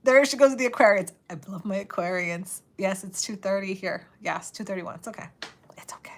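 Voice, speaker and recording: A woman in her thirties hosting a live stream, chatting casually, full of "like" fillers and laughter, reading viewer comments, her voice getting a bit raspy. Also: medium pitch, fairly quick.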